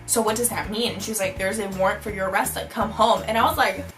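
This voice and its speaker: A young woman telling a storytime vlog, bubbly and animated, saying "like" constantly. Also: medium pitch, quick pace, faint music behind, poor audio. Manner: bubbly, animated, heavy use of "like". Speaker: vlogger.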